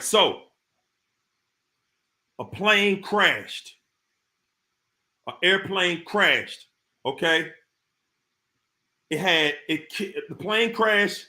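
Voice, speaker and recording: Lively high-voiced man on a live stream. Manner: repetitive, emphatic, speaks in informal slang. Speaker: live-stream host talking about narcissists. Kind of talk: casual live-stream talk to viewers.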